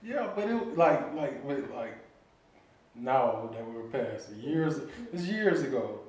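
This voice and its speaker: A man's voice: mid-range voice, sing-song, takes it slowly, darkish tone, heavy reverb, far from the mic, poor audio. A man casually telling a family story to viewers, laughing often as he talks. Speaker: family vlogger.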